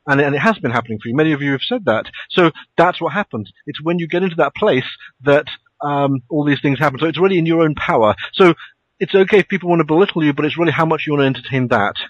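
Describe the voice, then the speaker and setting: A man's voice: on the high side, fast, dry recording, dull audio. A man who works as an author and personal coach, giving casual spoken advice in an earnest, rambling way, with many restarts and "you know"s. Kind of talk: casual spoken advice, answering a listener question.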